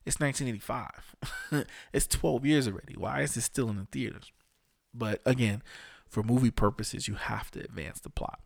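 A man's voice: medium pitch, moderate pace, creaky, no echo, studio quality. A man hosting a casual movie commentary in a laid-back, rambling way, with chuckles along the way. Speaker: podcast host.

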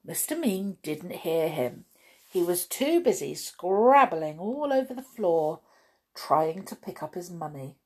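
A woman reading a children's storybook aloud with expressive, swooping emphasis. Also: lowish voice, slow pace, slightly rough.

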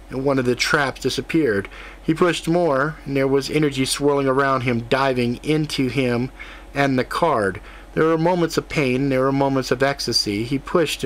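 Steady male audiobook narrator. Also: medium pitch, normal speed.

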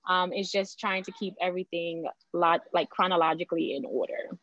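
A woman guest on a podcast, a small business owner chatting candidly and telling lively stories. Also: fairly low pitch, a little fast, dry recording, highs cut off. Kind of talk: casual interview chat.

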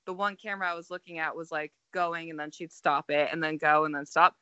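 A woman's voice: low-pitched, steady tone, brisk, hardly any pauses, sharp tone, clear, resonant tone, no room sound, highs cut off. A young woman chatting casually as a podcast host, telling a story with lots of fillers and self-deprecating humor. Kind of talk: casual chat.

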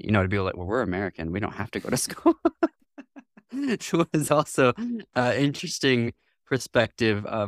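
In this reflective interview, the guest is a man from Northwest Lower Michigan, US, whose voice sits on the low side. He's thoughtful, often laughing and acting out what others said, and the recording is dry with clean studio sound.

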